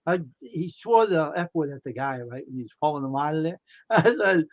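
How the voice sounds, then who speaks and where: A man's voice: on the high side, a little fast. A man hosting a casual livestream, telling a story with lots of laughter and acted-out quotes, and saying he's tired. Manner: animated, acts out quotes, laughs often. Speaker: livestream host. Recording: dull lo-fi stream audio.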